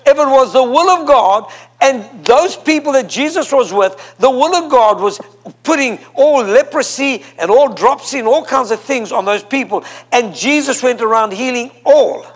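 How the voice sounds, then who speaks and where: A man's voice: very high voice, lively intonation, normal speed. A man preaching a sermon to a congregation, emphatic and repetitive, leading them in call and response. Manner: emphatic, repeats phrases for effect. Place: church before a congregation.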